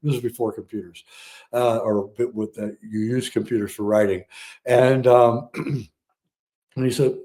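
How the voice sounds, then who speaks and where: Middle-aged male storyteller, warm dark tone, lively re-enactor of dialogue. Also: medium pitch, normal speed. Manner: animated, acts out dialogue. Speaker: filmmaker guest. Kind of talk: personal storytelling.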